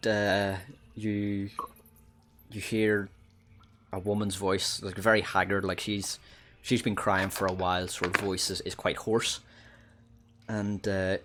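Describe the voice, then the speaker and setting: A man's voice: lowish voice, a bit bright. A man narrating as game master of a tabletop game, hesitant, full of ums and restarts.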